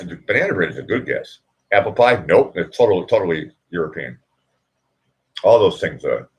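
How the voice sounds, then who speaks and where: Guy rambling on a live chat, low voice but real bouncy, keeps cracking jokes. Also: very animated, moderate pace. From United States. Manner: rambling and joking, laughs often. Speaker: livestream host.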